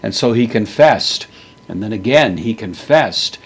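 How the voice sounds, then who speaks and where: A middle-aged man giving a verse-by-verse Bible lesson, measured, slowing down to stress quoted words. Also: on the low side, animated, husky. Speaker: Bible teacher.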